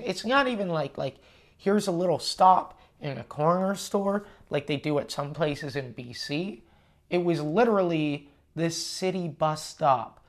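A man's voice: high-pitched, expressive, a little slow. A young man from Canada hosting a podcast, telling a story in a casual, profane, ranting and self-mocking way. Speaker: podcast host.

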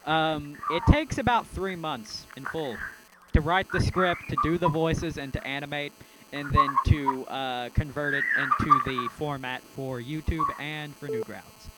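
A man hosting a laid-back podcast in a slightly high voice. He rambles and hesitates, filling gaps with ums as he goes. A clear electrical hum runs under the recording. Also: measured pace. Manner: rambling, hesitant, many fillers. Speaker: podcast host. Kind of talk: casual podcast chat. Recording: steady mains hum behind the voice.

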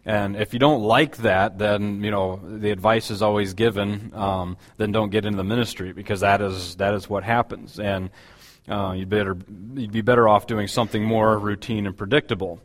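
A man preaching a sermon as pastor, talking in a conversational, halting way with many fillers and restarts. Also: on the low side, fairly even intonation. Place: church.

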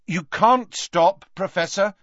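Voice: medium pitch, slow pace, no echo, lo-fi sound, voice pushed up, lightly acted. A reader voicing a frightened teenage boy who urgently and shakily coaxes someone to drink, in an audiobook. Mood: urging. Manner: urgent, pleading, shaky. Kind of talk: audiobook character voice.

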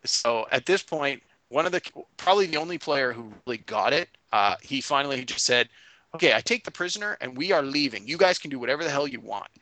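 A man recaps last week's tabletop game as its game master, his voice bright and forward. He tells it casually and animatedly, jumping into his players' lines as he goes. The sound is dry and close. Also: mid-range voice, no room sound, low-quality recording. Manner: animated retelling, quotes players in quick voices. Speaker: game master recounting a session.

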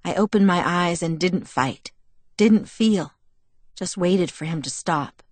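Low-voiced woman narrating a novel. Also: takes it slowly, a little mellow, no echo. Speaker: audiobook narrator. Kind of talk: first-person novel narration.

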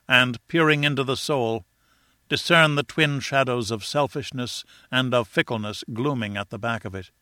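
A man narrates a classic adventure novel with an earnest, dramatic lilt. His voice is bright and forceful, and the recording is dry and close to the mic. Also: medium pitch, no room sound. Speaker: audiobook narrator. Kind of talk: first-person literary narration.

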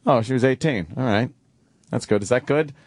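A man's voice: mid-range voice, brisk, a little mellow, no echo, clean studio sound. A man hosting a radio talk show, bantering bluntly and profanely and mocking the people he talks about. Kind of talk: crude casual radio banter.

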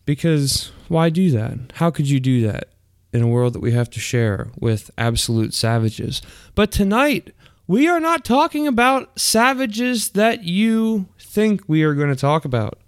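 A man's voice: on the high side, big pitch swings, unhurried, clean tone, no echo, clean studio sound. A man hosting a podcast in crude, profane casual chat, often laughing mid-sentence. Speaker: podcast host.

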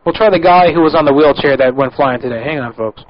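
A man's voice: a little high, fast. Brash man hosting a prank show. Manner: brash and blustery. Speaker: prank caller and show host. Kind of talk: radio prank-call banter. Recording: muffled radio broadcast.

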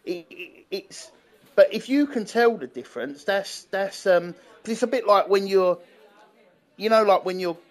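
A man chats on a podcast in a fairly high voice. He stalls often and repeats words as he gets his thoughts out. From London. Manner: halting, repeats words, animated. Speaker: podcast co-host. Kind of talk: casual chat.

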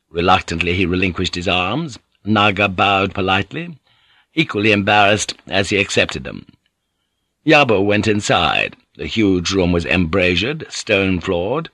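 Man narrating an audiobook, measured, low bright forceful voice, dry close sound. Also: no room sound. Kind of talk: scripted narration.

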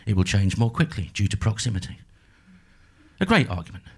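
A man's voice: lowish voice, big pitch swings, a little fast. A middle-aged man doing a stand-up comedy set on a club stage, dry and mock-pompous with sudden bursts of mock outrage. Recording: live gig with clear crowd noise.

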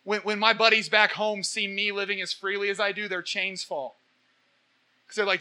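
A young man giving an impassioned question-and-answer talk as a Catholic evangelist, rambling through energetic, preachy stories. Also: high voice, moderate pace.

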